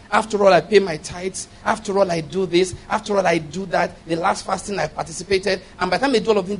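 A man preaching a sermon, driving points home with repetition and call-and-response questions to the congregation. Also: high voice. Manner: emphatic call-and-response preaching, repeating key phrases.

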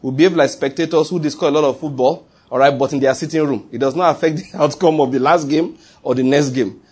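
Husky middle-aged guy preaching a sermon, hammers his points over and over. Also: fairly high pitch, quick pace, darkish tone. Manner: emphatic, repeats key phrases. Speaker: pastor.

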